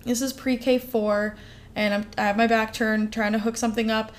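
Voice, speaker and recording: A woman's voice: fairly high pitch, normal speed. A woman co-hosting a casual podcast, telling classroom stories with lots of fillers. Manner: animated storytelling with many fillers. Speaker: podcast co-host.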